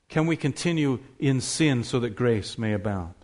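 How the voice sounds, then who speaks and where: A man's voice: mid-range voice, expressive, moderate pace, a little mellow. A man preaching a sermon, emphatic, asking rhetorical questions and stressing key words.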